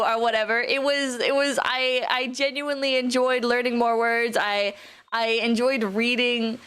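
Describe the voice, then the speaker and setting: Young woman streamer, slightly high voice; rambling, sweary, off-the-cuff chat. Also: moderate pace, fairly bright tone, clear, resonant tone. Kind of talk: casual live-stream chat.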